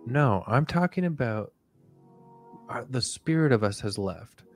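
A man hosting a comic sleep-story podcast, talking softly with drifting, rambling jokey asides. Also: medium pitch, expressive, unhurried, soft background music. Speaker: podcast host.

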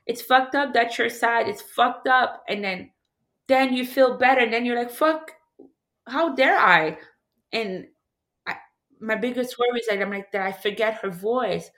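A woman's voice: fairly high pitch, fairly even intonation, moderate pace, a bit bright. Woman talking about loss, emotional, lots of "like," casual chat. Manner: emotional, reflective, many "like" fillers. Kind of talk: candid casual conversation.

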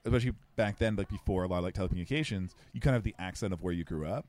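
A young adult man co-hosting a podcast, talking through a film in rambling, self-deprecating casual commentary, quick and slurred, restarting his sentences. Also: low-pitched, a little mellow. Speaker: podcast co-host. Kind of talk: casual movie-watching commentary.

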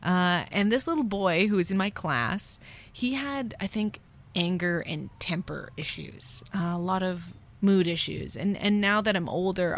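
A young woman with a slightly low voice tells a personal story as a podcast host. She sounds candid and rueful. She slips into quick whispers and loud bursts when she acts out what people said. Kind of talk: confessional storytelling.

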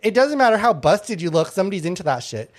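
Female panel host, mid-pitched, blunt and provoking, laughing through her takes. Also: very animated, fast. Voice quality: antagonistic, blunt, laughs often between lines. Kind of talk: casual comedic panel chat.

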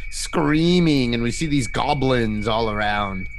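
A man's voice: mid-range voice, slow, noisy background. A man running a tabletop game as game master, narrating loosely with many fillers. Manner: loose, chuckling, full of fillers.

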